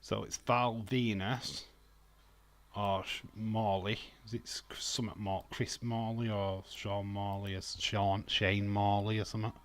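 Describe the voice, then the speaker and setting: Slow-talking Yorkshire man on stream. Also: lowish voice, little pitch movement. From Yorkshire, England. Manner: rambling, banter-filled, swears. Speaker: wrestling watch-along streamer. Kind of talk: casual live-stream chat, reading comments.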